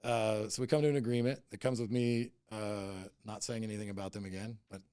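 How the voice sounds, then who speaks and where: A man's voice: on the low side, fairly even intonation, fairly quick, warm tone, smooth, no echo, studio quality. A middle-aged man, a company boss on a podcast, telling a story bluntly and heatedly with heavy swearing. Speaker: cannabis company CEO, podcast guest. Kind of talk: casual interview storytelling.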